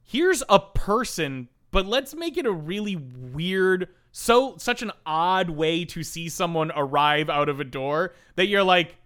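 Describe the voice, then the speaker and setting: A man's voice: sits high, expressive, a little slow, hardly any pauses, fairly bright tone, clean tone. A man co-hosting a podcast, chatting animatedly about a film and throwing in jokey asides. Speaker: podcast co-host. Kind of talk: casual movie discussion.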